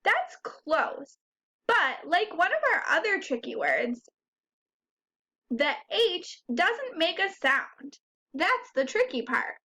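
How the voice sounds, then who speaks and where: Woman teacher, high voice, slow and clear, sounding out words for young kids. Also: sing-song, sharp tone. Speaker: first grade teacher. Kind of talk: recorded phonics lesson for young children.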